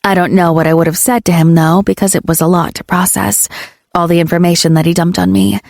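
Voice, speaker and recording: A woman reading a first-person audiobook in an expressive, lively way. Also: lowish voice, fairly quick, gravelly, dry recording, studio quality. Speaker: audiobook narrator.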